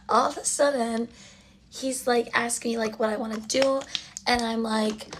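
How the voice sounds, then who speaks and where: A woman's voice: on the high side, steady tone, moderate pace, background noise. A young adult woman telling a story in a casual, blunt and chatty way, full of fillers.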